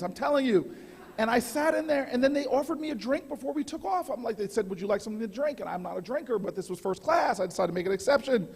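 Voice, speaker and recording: A man giving a keynote at a banquet, telling a humorous story with animated delivery and frequent restarts. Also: high voice, breathy edge. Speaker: keynote speaker. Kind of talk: storytelling speech. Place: large banquet hall. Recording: echoey hall, heavy reverb.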